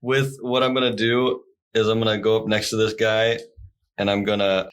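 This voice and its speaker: A man's voice: fairly low pitch, flat delivery, normal speed, clear, resonant tone. A man playing a tabletop game, casual and hesitant, laughing at his own moves. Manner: giggly, hesitant. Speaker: player.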